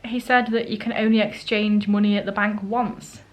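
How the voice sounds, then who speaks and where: A woman's voice: mid-range voice, flat delivery, normal speed, low-quality recording. Chatty self-mocking woman vlogger. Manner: chatty and self-mocking, acting out what people said. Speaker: travel vlogger. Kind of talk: casual storytelling to camera. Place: holiday rental flat.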